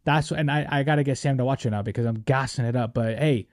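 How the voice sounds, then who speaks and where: A man's voice: mid-range voice, quick pace, dry recording, studio quality. A young man hosting a casual movie review podcast, joking around and acting out quotes in silly voices. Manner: animated, jokey, acts out quotes in silly voices. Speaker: podcast host.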